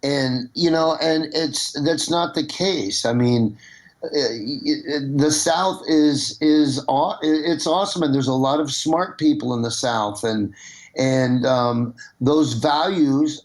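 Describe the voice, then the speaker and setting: A man's voice: fairly high pitch, measured pace. Rambling middle-aged man from Nebraska. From Nebraska, USA. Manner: rambling, with restarts. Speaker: phone-in guest, comedian. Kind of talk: casual phone conversation.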